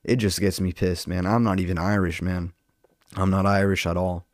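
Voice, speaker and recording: A fired-up young man rants casually to his viewers, stumbling through filler words and swearing freely. His voice sits slightly low, and the recording is dry and close with no room sound. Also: flat delivery, moderate pace, no room sound. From Albanian heritage. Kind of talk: casual rant to camera.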